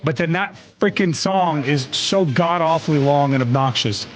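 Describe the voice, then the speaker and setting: A man's voice: fairly high pitch, moderate pace, slight background noise. A man in his thirties streaming a game live, ranting in playfully dramatic exasperation. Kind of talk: live gaming stream chat. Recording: loud music over the voice. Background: loud music playing.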